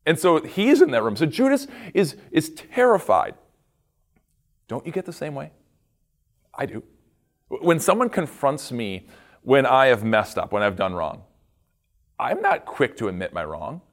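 A man preaches to his congregation in a mid-range voice. He retells a Bible story with animated emphasis. Then he drops into quiet, earnest asides. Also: medium pitch, a little slow, pauses often. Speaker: pastor. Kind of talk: sermon.

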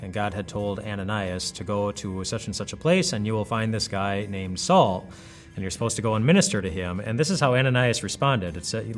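A man's voice: fairly low pitch, fairly quick, soft background music. A man giving a conversational, reflective devotional sermon as a pastor, full of rhetorical questions.

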